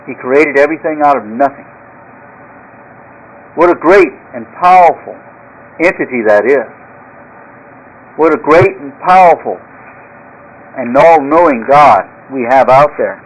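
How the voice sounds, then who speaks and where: A man preaching a sermon as a pastor, telling illustrative stories in an earnest way with occasional halting fillers. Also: fairly high pitch, lo-fi sound.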